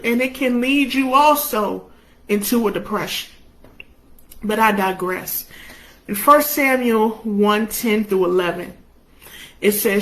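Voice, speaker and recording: A woman's voice: mid-range voice, poor audio. A young adult woman preaching a sermon, impassioned, her delivery rising and falling with emotion.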